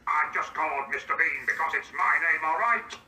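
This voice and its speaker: A fussy, indignant Mr. Bean, voiced by a synthetic man, bright and sharp-edged, who reads his own stage directions aloud before answering. The sound is roomy and echoey, as if the speaker stands back from the mic. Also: on the high side, normal speed, recorded from a distance. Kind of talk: AI voice improv role-play.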